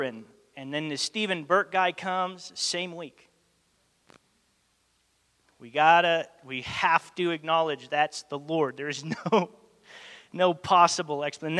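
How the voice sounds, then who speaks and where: A man preaching a sermon, telling a story animatedly and acting out the dialogue. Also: sits high. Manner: animated, acts out quoted dialogue. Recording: long hall reverb.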